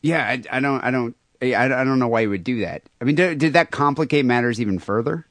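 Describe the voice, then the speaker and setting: A man's voice: medium pitch, fast, a bit bright, no room sound. Man riffing crude jokes on a podcast. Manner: riffs on crude jokes, fillers like "I mean" and "you know". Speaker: podcast co-host. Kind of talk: casual comedic banter.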